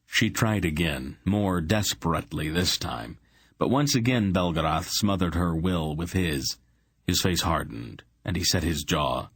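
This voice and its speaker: A man narrates a fantasy novel with steady, unhurried reading. His voice is deep and husky and moves slowly. It is recorded dry and close. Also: no echo. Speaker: audiobook narrator. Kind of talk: scripted narration.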